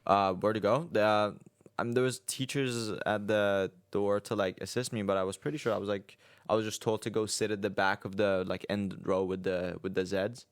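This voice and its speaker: A young man co-hosting a podcast, talking in a relaxed, rambling way with many fillers. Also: fairly low pitch, normal speed, no echo, studio quality. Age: young adult. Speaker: podcast co-host. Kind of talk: casual chat.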